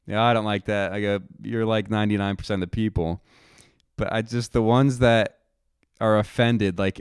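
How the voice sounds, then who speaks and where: Young guy rambling on, swears a lot, lowish voice, super clear and dry, no room sound. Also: steady tone, normal speed, no room sound. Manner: rambling, swears casually, quotes himself. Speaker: podcast host telling a personal story. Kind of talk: casual monologue.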